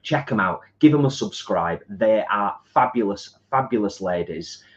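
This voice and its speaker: A man's voice: lowish voice, expressive, moderate pace, background noise. Upbeat man reading chat. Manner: upbeat, reads viewer comments aloud. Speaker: co-host reading chat messages. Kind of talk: casual chat. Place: home kitchen. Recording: dull lo-fi sound.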